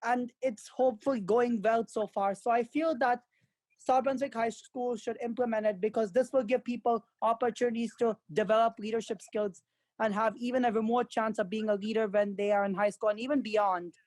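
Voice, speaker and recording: A man's voice: very high-pitched, fairly even intonation, a little fast, a little mellow, no echo, low-quality recording. A young man, a college student, giving a hesitant but earnest public comment at a board meeting. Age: young adult.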